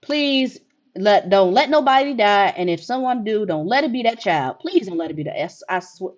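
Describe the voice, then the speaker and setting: A woman giving let's play commentary on a horror game with expressive, dramatic reactions. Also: mid-range voice, normal speed, highs cut off. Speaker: gaming streamer.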